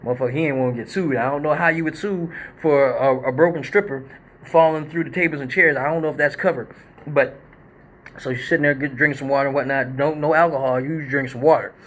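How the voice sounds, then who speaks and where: A man hosting a live show, telling a story in a casual, animated, profane way and acting out quotes and sound effects. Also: on the high side, quick pace.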